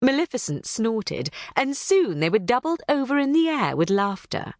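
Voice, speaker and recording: Animated woman narrating a children's book. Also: a little high, moderate pace, no echo, studio quality. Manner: animated, storytelling. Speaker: audiobook narrator.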